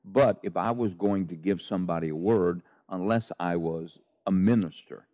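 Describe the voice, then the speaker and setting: A man with a somewhat low voice talks about faith with a folksy, storytelling ease. He speaks like a minister chatting with a friend, not preaching from a pulpit. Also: normal speed, warm tone, muffled recording. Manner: folksy, storytelling, laughs while talking. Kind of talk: casual religious discussion.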